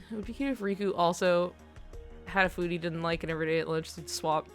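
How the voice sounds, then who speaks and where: Giggly rambling woman streamer. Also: on the low side. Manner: rambling, giggly, lots of fillers. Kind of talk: casual chat while gaming.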